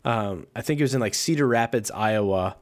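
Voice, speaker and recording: A man co-hosts a podcast in casual chat, rambling along with plenty of fillers and restarts. His pitch is fairly low and he talks fairly quickly.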